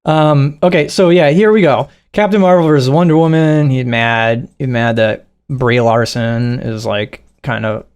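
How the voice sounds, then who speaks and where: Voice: mid-range voice, steady tone, unhurried, hardly any pauses, a little mellow, smooth. A podcast co-host in casual chat, rambling, swearing freely and mocking, often acting out quotes and laughing.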